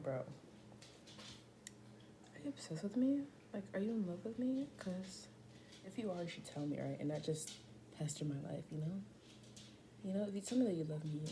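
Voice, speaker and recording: There's slight background noise behind this woman's medium-pitched voice. An eighteen-year-old vlogger, she chats to camera in a relaxed way, telling stories packed with slang, profanity, and energetic asides.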